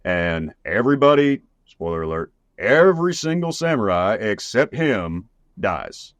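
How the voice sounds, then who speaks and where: A podcast host retells a film plot in a rambling, profane, casual way, packed with fillers. His fairly low voice is sing-song and unhurried, with no echo.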